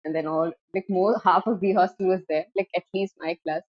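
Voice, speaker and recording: Young woman, lively storyteller. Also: lowish voice, a little fast, dry recording, dull audio, faint music behind. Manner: animated storyteller, lots of "like" and "okay". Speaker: podcast co-host. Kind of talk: casual chat.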